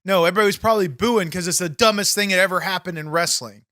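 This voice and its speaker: Man, comedy podcast co-host, exasperated profane rants, sharp tense tone, dry close sound. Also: high voice, racing, no room sound. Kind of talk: comedic banter.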